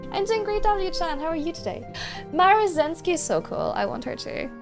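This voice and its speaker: A woman's voice: extremely high pitch, big pitch swings, moderate pace, gravelly, over music. A young woman streaming games, chatting casually and gushing to her chat with giggles.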